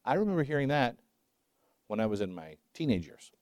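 A preaching man in his sixties who asks rhetorical questions and swings between loud emphasis and hushed asides. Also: mid-range voice, very animated, a little fast, no room sound, clean studio sound. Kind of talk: sermon.

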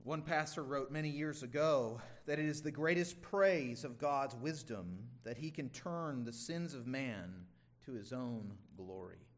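A man's voice: mid-range voice, a little slow. A man preaching a sermon in an earnest, emphatic way, with the odd stumble and restart. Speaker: pastor.

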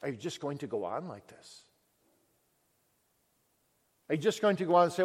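A male preacher giving a sermon with emphatic questions and dramatic pauses. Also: on the high side, very animated, husky. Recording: long echo of a large hall.

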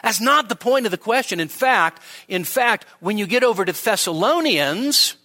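During a church service, a man gives his congregation an expository sermon in a high, expressive voice at normal speed. Along the way he asks rhetorical questions, emphasizes key words, and lowers into quiet asides.

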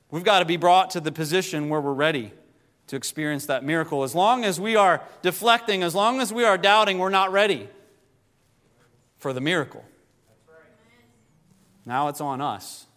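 Bright-voiced preacher man in a reverberant hall. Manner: rises to impassioned pleading, then drops low. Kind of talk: sermon.

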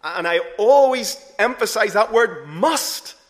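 A man preaching a sermon earnestly, rising to emphatic peaks and then dropping low and soft. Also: animated, slow. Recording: long hall reverb.

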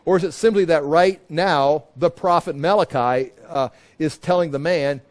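A man's voice: a little high, moderate pace. A man teaching a Bible passage verse by verse in a conversational way, often restarting and repeating phrases and acting out quoted voices.

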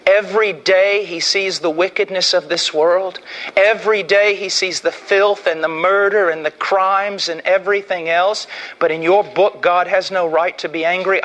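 A man preaching an impassioned sermon, swinging from loud declarations to hushed, slow warnings. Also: on the high side. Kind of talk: fiery sermon.

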